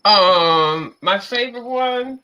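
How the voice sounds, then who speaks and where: A woman hosting a late-night live stream, chatting casually while she colors, with relaxed, drawn-out fillers. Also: mid-range voice, smooth. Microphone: video call.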